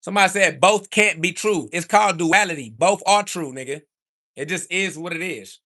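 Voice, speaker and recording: A man speaking hosts a livestream and answers chat in a combative, preachy monologue, insulting his critics over and over and now and then rising to a shout. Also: sits high, normal speed. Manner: rises to shouting when heated.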